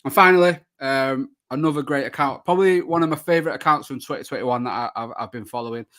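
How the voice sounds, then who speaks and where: Male host, mid pitch, easygoing chatter, frequent ums and restarts. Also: fast, a bit bright. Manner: chatty, friendly, many fillers and restarts. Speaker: podcast host. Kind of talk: casual live show chat.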